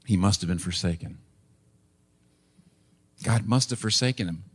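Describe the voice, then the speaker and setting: A man in his sixties preaching a sermon as pastor, emphatic, with sudden rises and soft drops. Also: on the low side, normal speed, slightly rough.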